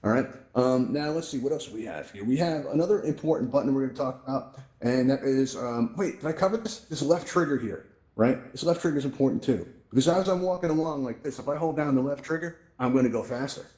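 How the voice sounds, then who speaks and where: A fast-talking man with a mid-range, slightly mellow voice hosts a live virtual reality class, addressing an audience in a VR event room. Chatty, he walks them through the controls in a live instructional session, constantly checking in with "right?".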